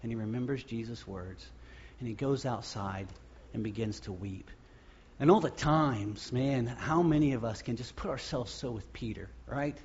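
A man preaching a sermon as pastor, acting out the crowd's shouts and the quoted words. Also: mid-range voice, normal speed, lo-fi sound, a little hiss or hum.

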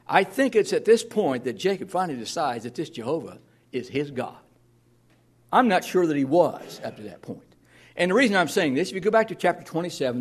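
A man pastor preaching a sermon in an earnest way, reading scripture aloud and often repeating words as he restarts. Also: mid-range voice.

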